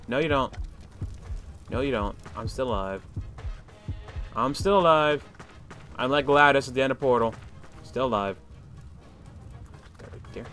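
A young man giving chatty, animated commentary while playing a game, shouting at enemies now and then. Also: mid-range voice, moderate pace, long pauses, soft background music. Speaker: gaming commentator. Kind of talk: casual gameplay commentary. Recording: faint game noise behind.

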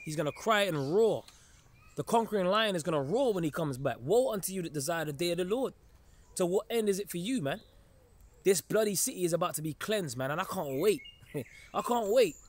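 A man preaching an informal sermon in an emphatic, conversational way, often pausing to check in with his listeners. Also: a little high. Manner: emphatic, keeps checking in with listeners, chuckles darkly.

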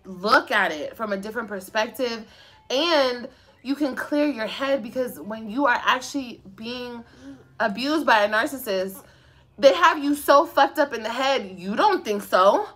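A woman's voice: a little high, a bit bright. A young woman livestreaming from her phone, ranting to viewers in a blunt, profane, sassy way and laughing often. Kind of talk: casual live-stream rant.

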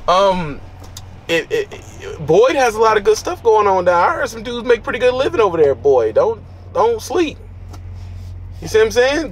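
Man trucker vlogger, blunt and preachy, higher voice with a lively swing, faint road hum. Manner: blunt, preachy, street slang. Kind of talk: blunt advice monologue.

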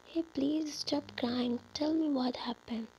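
A woman voicing a protective young husband in a whispered role-play, speaking softly and insistently. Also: sits high, fairly even intonation, takes it slowly, a little hiss or hum, low-quality recording. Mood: caring.

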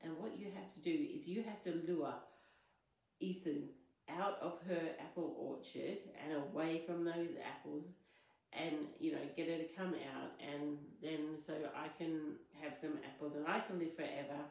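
A woman's voice: low voice, steady tone, moderate pace, vocal fry, a little mellow. A woman telling of a demanding storm giant. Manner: demanding, bargaining. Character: vengeful male storm giant in eagle form. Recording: very echoey room.

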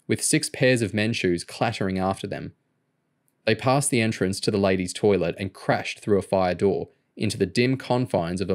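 Low-voiced man reading an audiobook. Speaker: audiobook reader. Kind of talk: audiobook narration.

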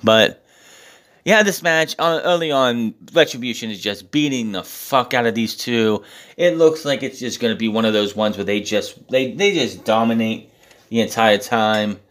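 A man's voice: mid-range voice, moderate pace, a bit bright. A man reviewing a wrestling show in a casual, profane recap, getting exasperated and mockingly acting out what people said. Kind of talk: casual recap with ranting commentary.

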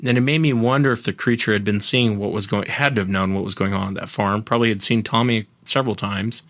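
A man's voice: lowish voice, steady tone, quick pace, fairly bright tone, dry recording. A man, a podcast host appearing as a guest, earnestly retelling other people's encounters at length in a casual interview.

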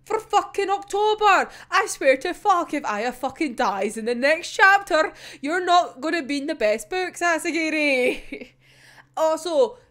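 A woman's voice: high-pitched, animated, measured pace, fairly bright tone. A young Scottish woman reacting to a manga chapter, swearing and exclaiming in exasperation. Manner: swears a lot, laughs and cries out in exasperation. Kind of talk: emotional reaction vlog.

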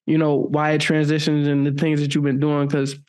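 A man's voice: fairly high pitch, completely flat delivery, brisk, a little mellow. A young adult man hosting a podcast, talking in an earnest, heartfelt and emotional way during a casual interview chat. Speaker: podcast host.

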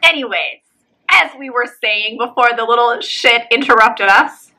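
A woman's voice: on the high side, moderate pace, pushed and bright, rough recording. A woman co-hosting a podcast, talking in a blunt, scornful and sarcastic casual chat. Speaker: podcast co-host.

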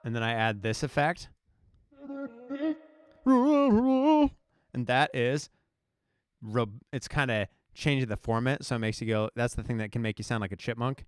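A man's voice: mid-range voice, steady tone, fast talker, few pauses, dry recording, clean studio sound. A man casually walking through his music production step by step in a live tutorial. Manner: chatty, explains step by step.

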